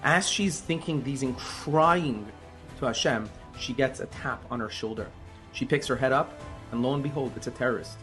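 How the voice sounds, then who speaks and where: A man telling a religious story in an animated, emphatic way, with sudden swings in loudness. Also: mid-range voice, moderate pace, faint music behind.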